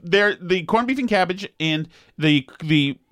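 A man's voice: unhurried, dry recording, clean studio sound. A man co-hosting a podcast, chatting casually in a joking, rambling way. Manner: joking, rambling, lively swings of pitch. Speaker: podcast co-host. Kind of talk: casual chat.

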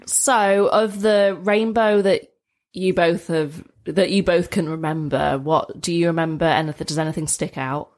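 A woman co-hosting a podcast in easy, casual chat. Her voice sits fairly low for a woman, and she steers the talk with quick questions. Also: steady tone, a little mellow. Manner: chatty, laughing, prompting questions. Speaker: podcast host.

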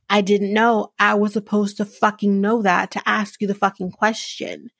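A woman's voice: mid-range voice, flat delivery, moderate pace, vocal fry, hardly any pauses, a bit bright, no echo, studio quality. Sarcastic, profane woman podcast host. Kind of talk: casual reality TV recap.

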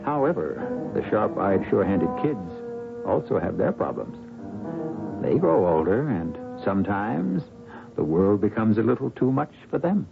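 A radio drama host with a low, gravelly voice delivers a wry, rhetorical scripted opening. Music plays behind him, and the sound is thin, like an old broadcast. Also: male voice, big pitch swings, measured pace. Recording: tinny 1970s radio broadcast over music.

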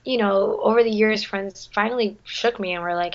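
A woman's voice: mid-range voice, little pitch movement, moderate pace, hardly any pauses, muffled recording. A young woman chatting casually about her theater career, with lots of fillers and restarts. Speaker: guest, musical theater performer. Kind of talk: casual chat.

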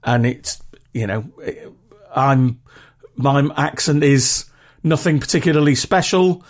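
A man's voice: mid-range voice, takes it slowly. A man with a regional British accent hosting a podcast in a chatty, rambling, self-deprecating way. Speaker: podcast host. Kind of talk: casual solo podcast talk.

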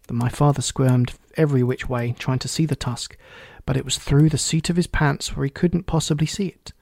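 A man narrating a children's storybook aloud in a steady, clear reading voice. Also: medium pitch, a little fast, few pauses, dry recording.

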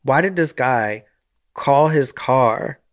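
A young man co-hosting a podcast, telling a story in casual chat, animated and acting out what people said, with some swearing. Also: medium pitch, takes it slowly. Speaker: podcast co-host.

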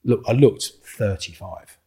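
Speaking at a measured pace in a lowish, slightly rough voice, this London-accented podcast guest tells a lively story. He acts out the dialogue and swears often.

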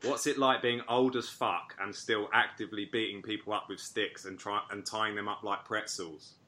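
A man with a bright, forceful voice hosts the conversation, reading listener questions aloud. His pitch sits somewhat low, and his delivery is dry and jokey. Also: steady tone, moderate pace. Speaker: podcast host.

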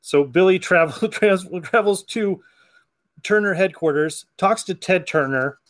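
A man's voice: high-pitched, unhurried. A man hosting a comic book podcast, chatting casually, laughing often and acting out lines from comics. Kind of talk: casual chat.

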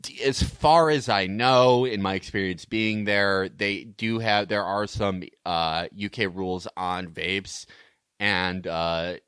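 A man's voice: low-pitched, takes it slowly, fairly bright tone, clean tone, no room sound, studio quality. A young man chatting casually on a podcast, rambling with restarts and emphatic rises. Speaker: podcast guest. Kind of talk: casual conversation.

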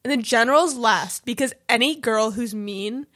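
A woman's voice: on the high side, normal speed, fairly bright tone. A woman co-hosting a podcast with a cold, chatting casually in a playful, joking, slangy way. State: has a cold. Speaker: podcast co-host. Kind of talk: casual chat.

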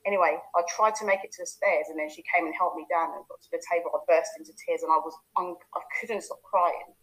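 A woman's voice: on the low side, fairly even intonation, fast talker, fairly bright tone, poor audio. A woman in her thirties from London, a coach, telling her life story in a candid, conversational way and often checking in with the listener. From London, England. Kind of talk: personal life story to camera.

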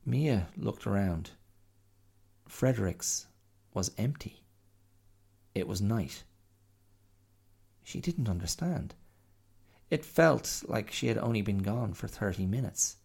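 A man reading a bedtime-style story with a deep, gravelly voice and a gentle, unhurried delivery. His tone is dark and mellow, and it moves around a great deal between lines. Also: expressive. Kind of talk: storybook narration.

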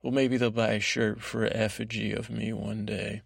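Male podcast host, low and gravelly, flat delivery, halting and meandering storyteller, dry close recording. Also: dry recording. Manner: meandering, halting, self-interrupting. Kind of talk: rambling improvised bedtime storytelling.

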